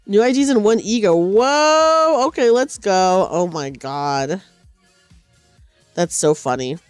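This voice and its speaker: A woman streamer chatting casually while knitting at home, sleepy and low on energy, rambling and correcting herself as she goes. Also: slow pace, warm tone, clear, resonant tone, dry recording, faint music behind. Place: at home on a couch.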